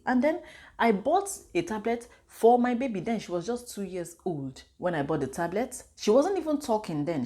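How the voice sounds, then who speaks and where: Chatty Nigerian mother vlogging. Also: medium pitch. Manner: chatty, animated storytelling with pidgin and Igbo asides. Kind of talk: casual advice vlog.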